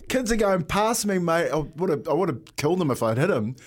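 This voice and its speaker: A man's voice: sits high, animated, fairly quick, few pauses. Laughing New Zealand radio storyteller, man. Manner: laughing storyteller, says "mate" often. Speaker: breakfast radio host.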